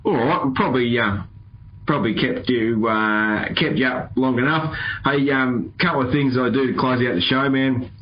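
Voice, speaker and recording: A man's voice: mid-range voice, normal speed, muffled recording, slight background noise. A man hosting a casual interview podcast, easygoing and rambling, laughing often. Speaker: podcast host.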